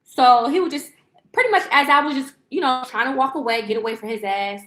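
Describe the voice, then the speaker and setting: High-voiced woman ranting in an echoey room. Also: a little fast, fairly bright tone. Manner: rambling, profane, frequent fillers and restarts. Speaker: lifestyle vlogger and livestreamer. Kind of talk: casual storytime rant.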